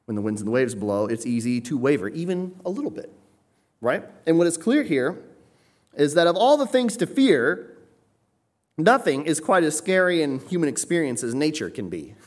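A man delivers an expository sermon, walking his listeners through a passage in plain, explanatory terms. He often pauses to check that they are following. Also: fairly high pitch, big pitch swings. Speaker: preacher.

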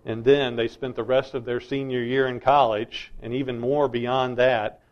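A man's voice: medium pitch, little pitch movement, normal speed, lo-fi sound. A middle-aged man preaching a sermon as a pastor, emphatic and insistent.

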